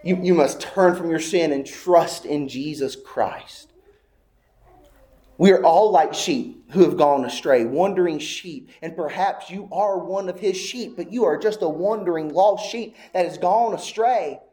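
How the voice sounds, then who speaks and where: A man's voice: sits high, a little slow, mellow. A man preaching a sermon with an emphatic, repetitive cadence, apparently in a church sanctuary.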